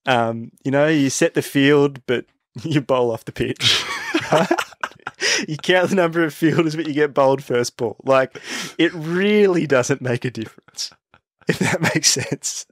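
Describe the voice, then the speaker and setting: A man's voice: fairly high pitch, measured pace, no echo, clean studio sound. A man co-hosting a casual sports podcast, rambling with frequent restarts and fillers. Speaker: podcast co-host. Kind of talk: casual chat.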